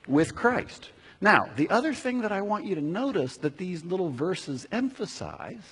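A man's voice: fairly high pitch, breathy edge. A man preaching a sermon as a pastor who keeps asking the congregation questions, recorded in a church sanctuary. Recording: long reverb of a large hall.

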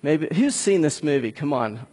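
A man preaching a conversational, animated sermon, speaking directly to his congregation. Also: on the high side, normal speed, in a large hall, a little hiss or hum. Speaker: pastor.

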